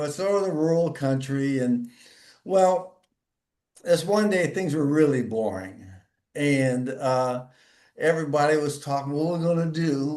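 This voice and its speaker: A middle-aged man telling a casual, animated family anecdote and acting out the voices in it. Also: a little high. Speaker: storyteller guest. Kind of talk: casual storytelling. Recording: echoey room.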